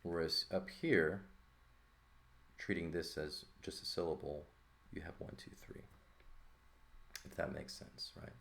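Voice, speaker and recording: A man teaching a language lesson in a relaxed walkthrough, thinking aloud and often checking in with "right?". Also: a bass voice, unhurried, vocal fry, pauses often, a little hiss or hum. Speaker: Greek teacher.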